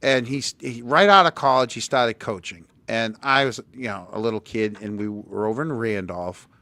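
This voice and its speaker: A middle-aged man hosting a casual chat, telling stories in an animated way and repeating words when he gets going. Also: medium pitch, normal speed, no room sound. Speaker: host.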